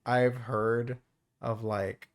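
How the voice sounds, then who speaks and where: A man's voice: medium pitch, level tone, extremely slow. Laid-back man swearing through casual chat. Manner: laid-back, swears a lot, laughs often. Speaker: podcast co-host.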